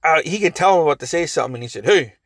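A man's voice: on the high side, expressive, rapid-fire, no room sound, clean studio sound. A man in his forties casually telling a family story, rambling, cursing and laughing often.

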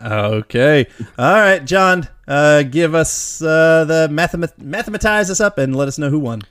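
A man's voice: on the high side, lively intonation, a little slow, fairly bright tone, clean tone. An upbeat man hosting a casual trivia game show, laughing easily.

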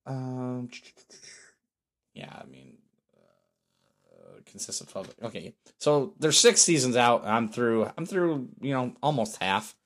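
A man hosting a casual solo podcast, hoarse from screaming, telling stories with lots of laughter. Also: mid-range voice, takes it slowly, long pauses. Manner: animated storyteller, laughs often. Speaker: podcast host.

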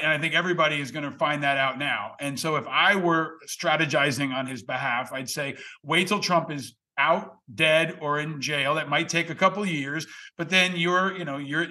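A man's voice: a little high, bright, forceful tone. A man in casual political chat, blunt and emphatic. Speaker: political commentator.

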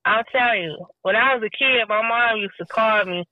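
A woman telling stories in a casual chat, animated and acting out what people said. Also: a little high, normal speed, a little hiss or hum. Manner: animated storytelling, acting out quotes. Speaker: podcast guest. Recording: tinny phone line, dry.

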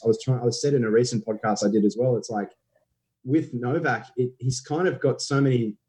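A young man with an Australian accent chats on a podcast, telling stories in a relaxed, easygoing way. His voice sits at a middle pitch, and he laughs easily. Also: slightly rough, low-quality recording. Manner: chatty, storytelling, laughs easily. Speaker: guest, impressionist. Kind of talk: casual podcast chat.

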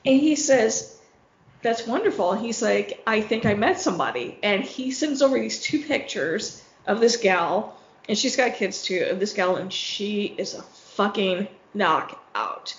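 A young woman co-hosts a casual podcast among friends, telling a story full of fillers and laughter. Her mid-range voice is a little slow, and the audio sounds roomy and dull.

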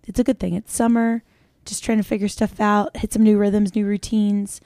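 A woman co-hosting a podcast in casual chat, cheerful and gushing, her voice squeaky and strained. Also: flat delivery, normal speed, warm tone, dry recording, studio quality. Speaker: co-host.

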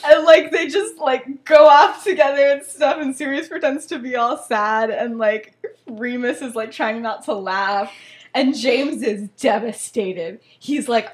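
A woman with a fairly high voice retells a story on a casual podcast. She giggles often and fills her sentences with "like" and "um". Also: a little slow. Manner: giggly, lots of "like" and "um". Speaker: podcast co-host.

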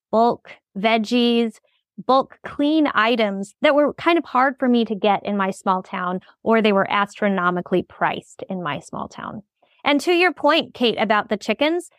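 A woman's voice: a little high, no echo, clean studio sound. A middle-aged woman co-hosting a casual chat, talking in a practical way and summing up the points.

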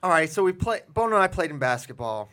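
A man hosting a casual chat, telling stories in an animated way and laughing often. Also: fairly high pitch, fast. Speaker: host.

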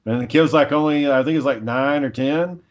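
A man's voice: mid-range voice, quick pace, lo-fi sound. A man in casual chat, telling stories in a laid-back way, swearing often and chuckling.

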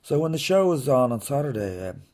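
A man with a voice of ordinary middle pitch tells a comic story in a loose, rambling way. He rants with plenty of sarcasm and swears freely, like a comedian hosting his own podcast. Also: big pitch swings, brisk, a little mellow. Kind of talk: rambling comic monologue and interview.

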